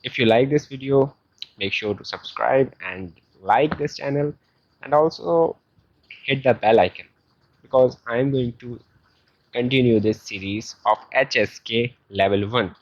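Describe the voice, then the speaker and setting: Slow, patient man teaching a beginner lesson. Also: medium pitch. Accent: South Asian English. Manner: slow, patient explanations with many fillers. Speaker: Chinese teacher. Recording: dull lo-fi sound.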